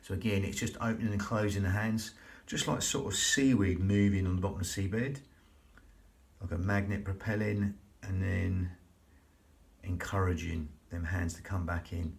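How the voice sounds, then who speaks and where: A man leading a slow, soothing, repetitive breathing and relaxation class as a yoga instructor. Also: low-pitched, fairly even intonation, gravelly.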